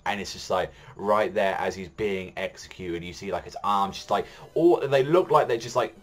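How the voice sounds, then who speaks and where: A man giving a casual, excited manga chapter review, rambling with lots of fillers and swearing. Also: on the low side, moderate pace.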